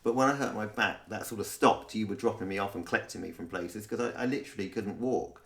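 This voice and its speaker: A man's voice: lowish voice, quick pace, fairly bright tone. Dry teasing man, echoey room. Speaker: podcast co-host. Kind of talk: casual chat.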